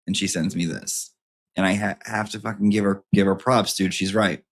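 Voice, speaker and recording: Campy guy reading fan emails, sassy, swears a lot, kinda low voice. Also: fairly even intonation, moderate pace, breathy edge. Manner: campy, sassy, swears freely, lots of asides. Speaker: channel host reading viewer emails. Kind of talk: casual chat to a live audience.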